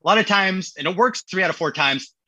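A man in his thirties, a podcast guest telling stories in a casual, animated way and acting out the people he quotes. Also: high-pitched, quick pace, no echo, low-quality recording. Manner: animated, acts out quotes in voices. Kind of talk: casual storytelling.

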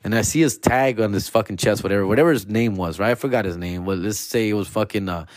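A man telling comic stories in a loose, profane, slang-filled way, slipping into animated voices. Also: fairly low pitch, quick pace, dry recording, studio quality. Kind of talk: casual comedic storytelling.

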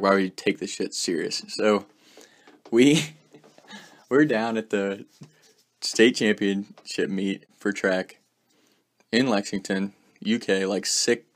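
A young man casually telling a story in a laid-back way, swearing freely and saying "like" often. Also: low-pitched. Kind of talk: casual anecdote.

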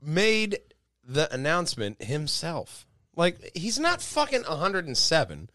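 A man co-hosting a casual podcast, animated and laughing, swearing freely as he reads out news. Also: on the high side, measured pace, no echo, clean studio sound. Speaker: podcast co-host. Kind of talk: casual chat, reading news.

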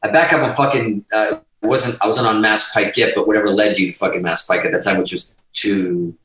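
A man's voice: fairly low pitch, a little fast, fairly bright tone, roomy sound, recorded from a distance, poor audio. A middle-aged man, telling rambling, profane stories in a casual chat as a musician guest.

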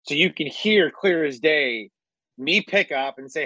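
A man in casual chat, telling a radio story with lively acted-out quotes and casual swearing. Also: fairly high pitch, moderate pace, dry recording, rough recording.

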